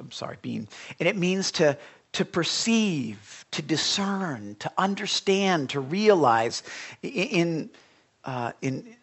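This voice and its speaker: Earnest preacher man, hushed asides. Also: on the high side. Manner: earnest, lots of restarts, drops to a whisper for emphasis. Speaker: preacher speaking to young listeners. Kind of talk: sermon.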